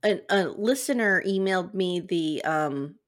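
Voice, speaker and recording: A woman's voice: fairly low pitch, noisy background. A woman hosting a podcast, chatting and joking through a recap in a casual, teasing way. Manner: lively, jokey, quick to tease. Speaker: podcast host.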